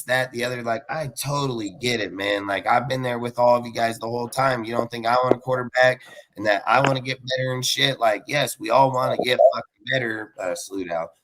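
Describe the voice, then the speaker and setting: A man's voice: mid-range voice, a bit bright, poor audio. A man ranting on a live sports fan podcast, heated and profane, tossing in "dude" and "like". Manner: fast and blunt, many fillers like "dude".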